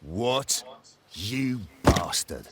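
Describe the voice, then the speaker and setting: A man's voice: fairly low pitch, sing-song, extremely slow, heavy background noise, heavily acted. An actor playing a bitter, hostile male gang criminal in a video game, speaking in a snarling, contemptuous way. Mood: furious.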